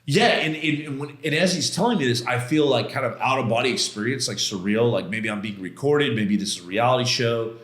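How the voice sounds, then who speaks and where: Recorded with a roomy echo, a middle-aged man recounts a personal story on a podcast, speaking fairly quickly with few pauses in a medium-pitched, fairly bright voice. His retelling is intense and emotional, full of slang, quoted back-and-forths and restarts.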